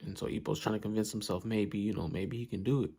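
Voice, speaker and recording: A man casually recapping an anime in a relaxed, slangy way, full of asides and fillers. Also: fairly low pitch, fast, vocal fry, slightly rough.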